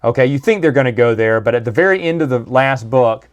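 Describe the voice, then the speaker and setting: A man's voice: mid-range voice, quick pace, highs cut off. A man giving a casual, rambling book review, full of restarts and asides. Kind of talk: casual monologue.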